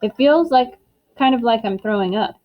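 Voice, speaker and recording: Woman, first-person audiobook narration, earnest, fairly high voice, muffled lo-fi recording. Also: normal speed.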